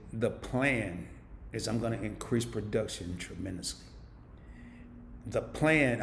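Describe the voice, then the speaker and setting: A man hosting a casual live stream, reading viewer comments aloud and answering them playfully, swinging from loud hype down to low murmurs. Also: reverberant, a little hiss or hum. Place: home.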